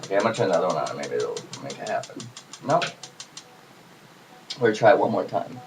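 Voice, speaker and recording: A man's voice: low voice, sing-song, fast, vocal fry. A man hosting a casual home cooking video, chatty and jokey as he talks to the camera while he works in his kitchen. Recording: noisy home recording.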